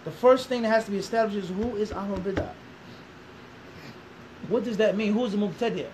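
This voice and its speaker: A Philadelphia-accented man in his thirties, an Islamic teacher from Philadelphia, USA, talks a little fast in a high voice against background noise. What starts as an interview turns into a lecture, with him questioning the room rhetorically and going back over his points.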